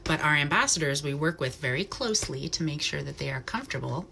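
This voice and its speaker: A woman talks casually about wildlife on a live stream, dropping into soft coos for the bird on her glove. Her voice sits low. A faint hiss runs under the recording. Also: animated, quick pace, gravelly, hardly any pauses. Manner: chatty, soft cooing asides to the owl. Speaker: wildlife educator. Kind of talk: live-streamed educational talk. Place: wildlife center room.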